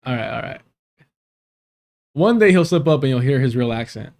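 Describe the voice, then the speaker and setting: A man's voice: medium pitch, animated, normal speed, gravelly, a little mellow. A man hosting a live stream in casual, rambling chat, laughing often and swearing freely.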